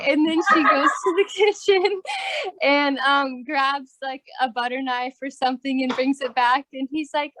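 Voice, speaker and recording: A young woman with a high voice tells a short anecdote casually. She is giggly and uses lots of "um"s and "like"s. The sound is dry and close. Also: moderate pace, a bit bright, no room sound. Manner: chatty, giggly, many fillers. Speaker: relative sharing a memory. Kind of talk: casual storytelling.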